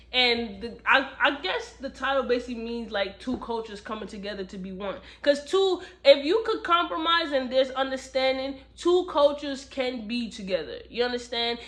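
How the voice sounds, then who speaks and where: A young woman reviews a book in a relaxed, chatty way, retelling the story with lively slang and asides. Her voice sits a little high and sounds bright and forward. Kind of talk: casual book review chat.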